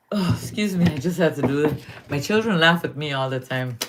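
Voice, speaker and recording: A woman's voice: low-pitched, background noise. A woman from Guyana giving astrology readings to viewers on a live stream, affectionately calling them darling. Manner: affectionate, calls viewers darling, slow and drawn-out.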